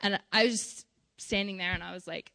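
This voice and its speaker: A woman's voice: mid-range voice, steady tone, a little fast, creaky, sharp tone, dry recording. A young woman, a church outreach volunteer, telling a personal testimony in a casual, chatty way with lots of "like" and "um".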